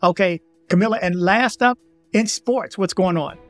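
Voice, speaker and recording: A man's voice: sits high, normal speed, no room sound, faint music behind. A man from Washington, D.C., hosting a news vlog, talking casually and rambling straight to his viewers, often repeating himself. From Washington, D.C., United States. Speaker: vlog host. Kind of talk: casual direct-to-camera talk.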